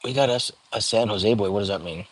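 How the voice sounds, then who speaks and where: A man's voice: on the low side, a little fast, husky, low-quality recording. A middle-aged man hosting a casual livestream, chatting and answering viewer questions from the comments. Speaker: livestream host.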